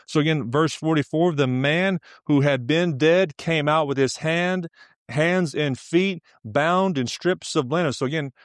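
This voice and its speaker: A man's voice: a little high, a little slow, no echo. Emphatic preacher man, dry close sound. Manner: emphatic, laughs often, repeats phrases. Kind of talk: sermon teaching.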